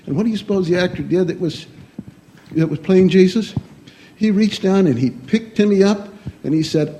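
A man's voice: sits high, moderate pace, slight background noise. Man telling a children's sermon story. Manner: lively storytelling, asks the children questions.

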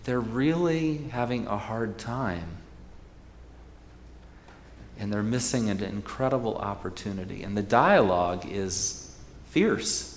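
A man's voice: fairly low pitch, expressive, slow, echoey room, in a large hall, a little hiss or hum. A man preaching a sermon in a conversational, wry way, retelling scripture stories. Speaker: pastor.

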